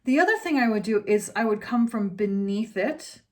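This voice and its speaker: A woman with a slightly high-pitched voice gives an informal singing lesson. She explains technique in a chatty, unhurried way, often pausing to think. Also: expressive, darkish tone. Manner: chatty, explanatory, with sung demonstrations. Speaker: singing teacher. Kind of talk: casual vocal lesson.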